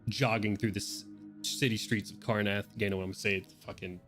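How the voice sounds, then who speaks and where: A man's voice: lowish voice, steady tone, brisk, a bit bright, soft background music. A man running a tabletop roleplaying game as dungeon master, narrating in a casual, rambling way with swearing.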